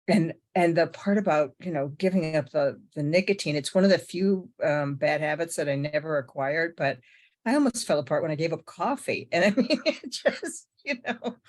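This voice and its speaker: A woman's voice: deep voice, animated, moderate pace. An older woman, ill with pneumonia, giving a rambling, candid, self-deprecating personal share at a recovery meeting. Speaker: meeting member sharing.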